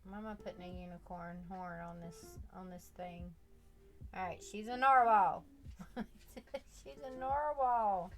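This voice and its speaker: A woman's voice: lowish voice, steady tone, a little slow, a bit bright, faint music behind. A woman hosting a drawing livestream from home, chatting casually, reading chat aloud and laughing often. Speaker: art livestream host.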